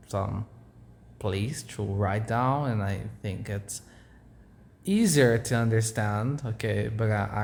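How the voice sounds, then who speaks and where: A Portuguese-speaking man with a Brazilian accent, informally explaining his language's vowels to a learner in halting English with many fillers. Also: lowish voice, a little mellow. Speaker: language tutor.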